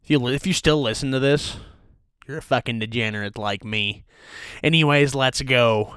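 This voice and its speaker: A young man hosting a comedic rant, crude and profane in a deadpan way. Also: mid-range voice, normal speed, smooth, no room sound, studio quality. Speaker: host of a rant show.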